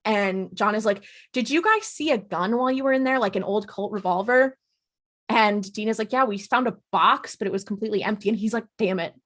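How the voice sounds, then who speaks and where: A woman co-hosting a podcast, retelling a TV episode in casual chat and acting out the characters' lines with animated energy. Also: medium pitch, fairly quick. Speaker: podcast co-host.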